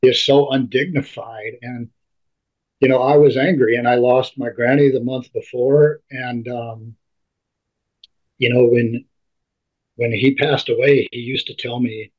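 A man with a husky voice and a flat, even delivery tells a personal story as an interview guest. He stumbles and restarts often. The recording sounds dull and lo-fi. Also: mid-range voice. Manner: halting, repeats and restarts words often.

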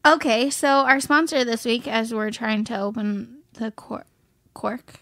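A woman's voice: a little high, fairly even intonation, unhurried, a bit bright, no room sound, clean studio sound. A woman co-hosting a podcast in casual, jokey chat, often trailing off or restarting mid-sentence. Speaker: podcast co-host.

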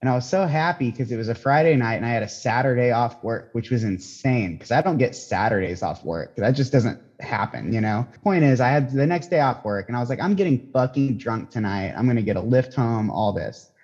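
A man telling a relaxed anecdote in casual chat. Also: mid-range voice, brisk, hardly any pauses, slightly rough. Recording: slightly dull lo-fi audio.

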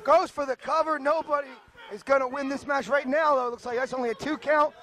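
Very high, bright-voiced male wrestling commentator. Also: fairly even intonation, a little fast. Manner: joking, laughs often, teases partner. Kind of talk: play-by-play commentary.

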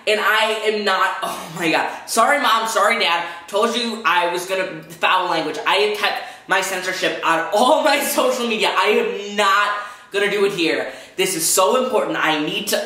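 An American young adult vlogger rants angrily in a medium-pitched, pushed, bright voice at a moderate pace, swearing and venting in frustrated bursts. The room is very echoey.

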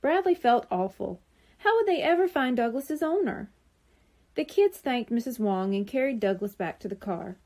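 A woman reads a children's chapter book aloud for a library. Her mellow voice sits fairly high and moves expressively. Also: normal speed. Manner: expressive, clear storytelling. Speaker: library storyteller.

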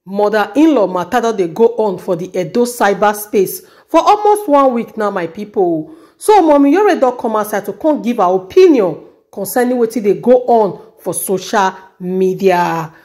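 A woman's voice: mid-range voice, animated, moderate pace, a little mellow. A woman with a Nigerian Pidgin accent hosting her channel, chatting and praying aloud for her viewers. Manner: chatty, preachy, prays aloud. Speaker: channel host. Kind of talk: casual commentary.

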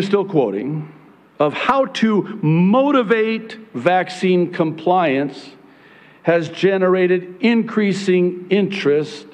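A male pastor preaching about prophecy from the pulpit, sarcastic and animated, mocking his critics in put-on voices. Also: high voice. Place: church sanctuary.

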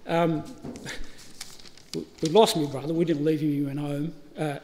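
Aussie bloke, higher voice, chuckling through funny eulogy stories, echoey hall, bit of hiss. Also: male voice, level tone, moderate pace, warm tone. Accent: Australian. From Australia. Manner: anecdotal, laughing, acts out dialogue. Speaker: eulogy speaker. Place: funeral service hall. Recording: reverberant hall, faint ambient noise.

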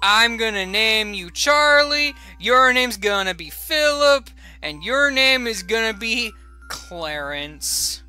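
A man's voice: high voice, expressive, takes it slowly, sharp tone, smooth, soft background music. A man streaming a video game, reading the story text aloud with playful jokes and asides.

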